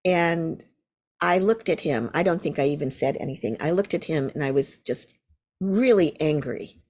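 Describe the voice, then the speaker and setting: A woman's voice: low-pitched, normal speed, darkish tone. An older American woman, a Zen teacher, telling a vivid story as an interview guest. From United States.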